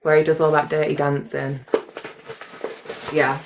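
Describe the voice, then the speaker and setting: A woman's voice: sits low, flat delivery, a little slow, noisy background. A woman in her thirties hosting a live stream, chatty and casual with some swearing. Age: 30s. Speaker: livestream host.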